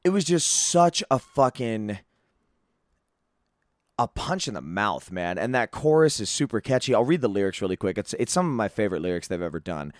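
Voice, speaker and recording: A man's voice: fairly low pitch, big pitch swings, moderate pace, no room sound, studio quality. A man hosting a solo podcast, reviewing an album in a rambling, casual way with lots of fillers and free swearing. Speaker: podcast host.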